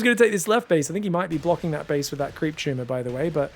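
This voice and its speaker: Excitable man casting games. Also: on the high side, quick pace. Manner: chatty, joking, excitable asides. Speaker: esports caster. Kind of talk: solo game commentary.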